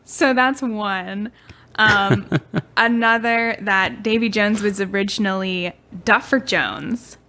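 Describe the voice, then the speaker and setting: A young woman co-hosting a podcast, sharing lore in a loose, giggly way. Her voice sits at an ordinary mid pitch, and her sentences wander and trail off. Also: takes it slowly, bright, forceful tone. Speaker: podcast co-host. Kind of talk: casual storytelling chat.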